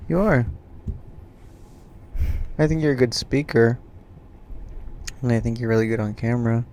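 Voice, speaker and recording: A young man hosting a casual podcast, speaking calmly and thoughtfully in support of his co-host. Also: mid-range voice, normal speed.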